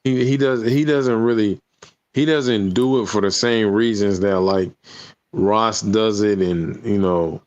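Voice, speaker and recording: A man's voice: lowish voice, unhurried, darkish tone, no room sound, muffled recording. A man in casual chat, laid-back and slangy, with lots of fillers.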